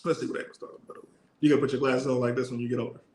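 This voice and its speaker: A man co-hosting a casual podcast, teasing his co-host with playful, quick remarks. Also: mid-range voice, level tone, darkish tone. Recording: roomy echo.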